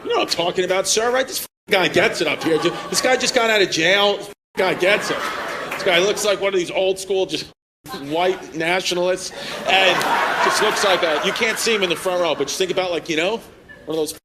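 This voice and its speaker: A man's voice: high voice, a little fast. A man doing stand-up crowd work, brash and profane, laughing at his own jokes. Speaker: stand-up comedian. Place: comedy club stage before a laughing crowd. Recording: club mic with loud crowd laughter and room noise.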